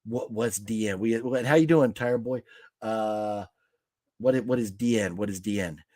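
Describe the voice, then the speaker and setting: A man's voice: fairly low pitch, moderate pace, darkish tone, no room sound, clean studio sound. Rambling man hosting a live chat. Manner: rambling, reacts to viewer comments with fillers and restarts. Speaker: host reading live chat. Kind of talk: casual live-stream chat.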